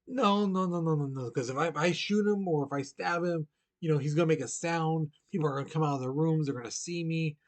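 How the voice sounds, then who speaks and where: A man voicing a nervous male conspirator who keeps talking himself out of acting, in quick fretful self-argument. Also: on the high side, close to an everyday voice. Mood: hesitant.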